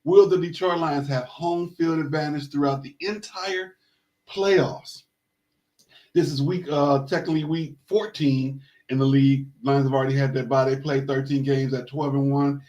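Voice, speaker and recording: A man's voice: mid-range voice, steady tone, normal speed. Rambling male sports talk host. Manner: rambling, many fillers and restarts, shout-outs. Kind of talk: casual sports talk show.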